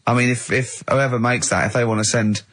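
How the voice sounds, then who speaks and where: A man's voice: mid-range voice, steady tone, brisk, a bit bright. An English man hosting a radio show, telling stories in casual comedic chat and laughing often. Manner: laughs often, teasing storyteller.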